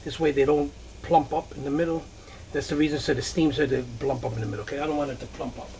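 A man's voice: a little high, steady tone, fast, dark tone, slight background noise. A man hosting a home cooking video, chatting casually and thinking aloud as he works in his kitchen. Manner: chatty, thinks aloud, frequent okays and restarts.

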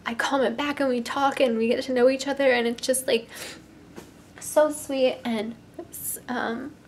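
A young woman talking to her subscribers in a vlog, crying and sniffling, halting and restarting with lots of "like". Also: sits high, steady tone, slight background noise. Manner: tearful, heavy use of "like", halting restarts. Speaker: YouTuber.

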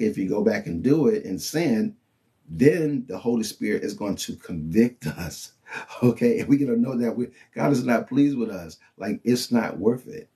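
A man delivers a casual, conversational sermon in a mellow, relaxed tone. He talks loosely and keeps checking in with his listeners. When he quotes other people, his voice jumps up high. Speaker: preacher. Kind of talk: informal sermon.

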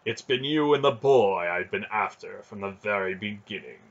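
A man voicing a scheming, scarred male sorcerer priest in a storybook reading, slow, gloating and mocking. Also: fairly low pitch, animated, lo-fi sound.

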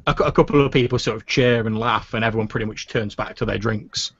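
A man running a tabletop role-playing game as game master, narrating in a relaxed, hesitant way with many fillers. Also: on the low side, fast talker, dry recording. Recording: dull lo-fi recording.

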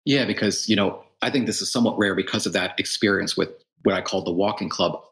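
A man's voice: low voice, fast talker, vocal fry, a bit bright, poor audio. A man, a tour business owner, telling his story in a casual podcast interview and acting out what his friends said. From United States. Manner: earnest storytelling, acts out quoted friends.

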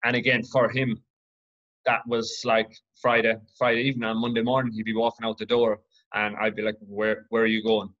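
A man from Ireland hosting his own podcast, telling a personal story in an earnest, reflective, halting way. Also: mid-range voice, little pitch movement, fairly bright tone, muffled recording. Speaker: podcast host.

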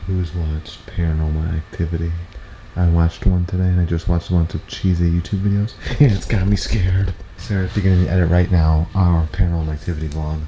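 A young man vlogging in casual chat at night, relaxed and joking. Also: deep voice, a little fast, muffled recording, noisy background.

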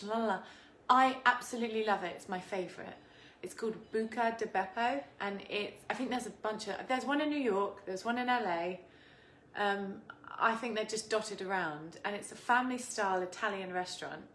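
A chatty woman in her thirties, her voice sitting a little high, hosts a casual live cooking stream. She laughs easily and greets viewers by name. Her home kitchen sounds echoey, with a faint hiss behind her. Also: a little fast, fairly bright tone. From England. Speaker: cooking show host.

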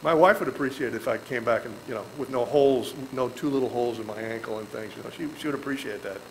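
A man pastor giving a verse-by-verse Bible teaching in a folksy, animated way, with joking asides and chuckles. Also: medium pitch, quick pace, creaky, slight background noise, low-quality recording. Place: church.

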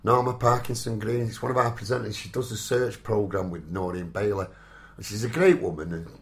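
A man's voice: on the low side, steady tone, a little fast. A man with a Salford accent hosting a community radio show in casual chat, with lots of "do you know what I mean". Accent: Salford, Northern English. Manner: chatty, working-class Northern speech with "innit" and "do you know what I mean".

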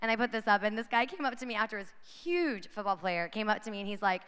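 In a big conference hall with long, echoing reverb, a conference speaker talks fast to an audience of young women, her medium-pitched voice clean and fairly bright. Her inspirational talk is conversational, and she constantly turns to the crowd with a "right?"

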